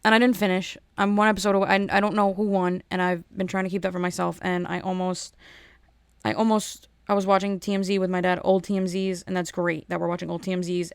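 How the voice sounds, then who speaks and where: A woman hosting a podcast, ranting in a casual, animated way and often restarting and repeating her words. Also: fairly low pitch, creaky, clean tone, no echo. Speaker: podcast host. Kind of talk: casual solo rant.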